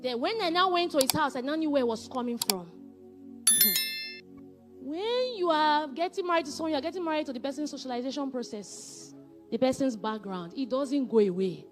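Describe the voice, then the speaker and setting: Woman, thirties, high voice, emphatic marriage teaching, soft music bed. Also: a little fast. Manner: animated storytelling, repetitive emphatic phrasing. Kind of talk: faith-based marriage teaching.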